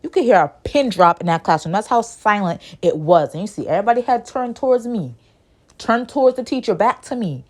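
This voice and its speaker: A young woman, telling a story from her school days in a casual, indignant way, her voice jumping high when she gets worked up. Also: animated, fairly quick.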